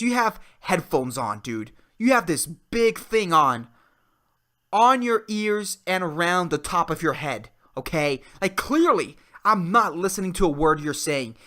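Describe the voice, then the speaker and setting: A man in his twenties hosting a solo podcast, ranting in a profane, excitable way and peppering his talk with "dude" and "man". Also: high-pitched, a little slow. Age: 20s. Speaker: podcast host. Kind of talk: solo comedic rant.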